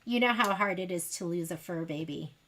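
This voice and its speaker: A woman's voice: lowish voice, fairly quick, bright, forceful tone, a little hiss or hum. Chatty woman hosting a sewing stream. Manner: chatty and rambling, talking to viewers. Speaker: livestream sewing host. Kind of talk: casual chat while sewing.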